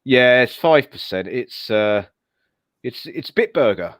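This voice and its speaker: A man's voice: medium pitch, lively intonation, slow pace, no room sound. Fan co-host, man, middle voice, dry sound, rambling storyteller. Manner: rambling, stammers on restarts. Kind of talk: casual chat.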